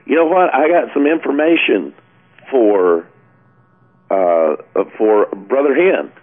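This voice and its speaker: A man's voice: medium pitch, lively intonation, takes it slowly. A man co-hosting a talk radio show, argumentative and asking pointed questions. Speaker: radio co-host. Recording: tinny phone-like radio audio.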